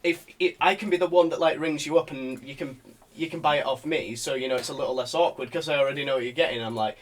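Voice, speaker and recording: A man's voice: on the high side, quick pace. A man in casual podcast chat, telling a dream story animatedly, swearing and laughing as he goes. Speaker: podcast co-host.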